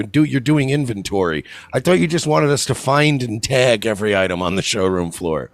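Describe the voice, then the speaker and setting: A man co-hosting a casual podcast, talking bluntly with a sarcastic, exasperated edge. His voice carries a gravelly fry and swings widely in pitch. The sound is dry and close. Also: dry recording. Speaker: podcast co-host.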